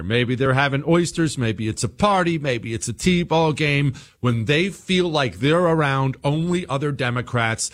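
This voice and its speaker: A middle-aged man hosting a talk radio show, delivering an animated, mocking monologue and reading listener emails. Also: mid-range voice. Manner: animated, mocking, slips into sneering put-on voices.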